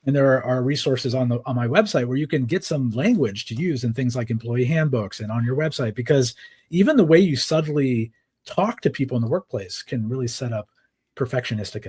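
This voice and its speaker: A man with a slightly husky voice talks through his ideas as a podcast guest. He explains in a conversational way and keeps checking in with the listener. His pitch sits in a middle range. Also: a little mellow, no echo. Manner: explains frameworks with many "right?" tags. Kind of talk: conversational interview.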